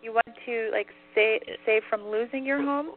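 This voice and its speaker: A woman talks in a loose, chatty way, full of "like" and restarts, as she passes on a spirit's answers to a caller. Her voice sits a little high. It comes through a thin, phone-like line with a faint hiss underneath. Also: fairly even intonation, moderate pace. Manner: relays answers in chatty fillers. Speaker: channeler. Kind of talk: casual live call-in chat.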